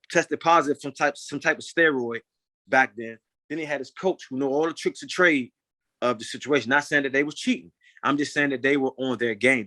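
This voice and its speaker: A man's voice: fairly high pitch, sharp tone, no echo. A man in his thirties telling his story in an interview, emphatic and frustrated, repeating phrases and swearing at times. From United States. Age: 30s. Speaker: interview guest.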